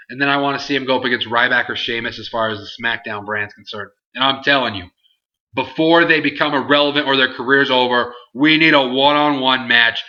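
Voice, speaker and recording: A man's voice: mid-range voice, sharp tone, highs cut off. A man hosting a casual Q&A vlog, answering viewer questions in a rambling, self-interrupting way. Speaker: host.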